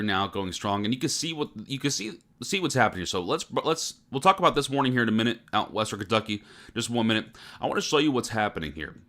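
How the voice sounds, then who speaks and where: A man forecasting the weather in live storm coverage, tired from very little sleep and talking in a fairly monotone way. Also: on the low side. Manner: self-described monotone delivery.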